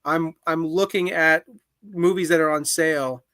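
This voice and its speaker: Easygoing man with a higher voice. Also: steady tone, unhurried, a bit bright, no echo, clean studio sound. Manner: easygoing, amused, chuckling anecdotes. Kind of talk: casual chat.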